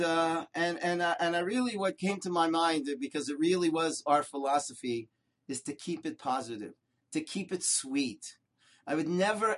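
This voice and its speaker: An older rabbi teaches Torah with a husky, fairly high voice. He tells his stories with animation, fires off rhetorical questions, and hammers home short repeated phrases. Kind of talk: Torah lesson.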